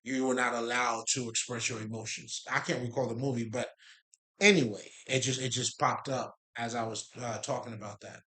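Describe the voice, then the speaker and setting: A man's voice: medium pitch, steady tone, fairly quick, bright, forceful tone. A man giving a casual spiritual monologue, rambling and streetwise, swearing freely and breaking into laughs. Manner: rambling, profane, laughs often, streetwise slang. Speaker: spiritual talk host.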